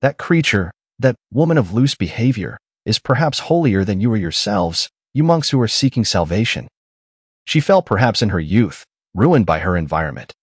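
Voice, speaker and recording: A man's voice: lowish voice, sing-song, moderate pace, slightly rough, no room sound, clean studio sound. A man voicing a buffoonish, lying old father who splutters and rants theatrically in an audiobook. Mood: mocking. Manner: shouting, mocking, self-dramatizing. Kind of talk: audiobook character reading.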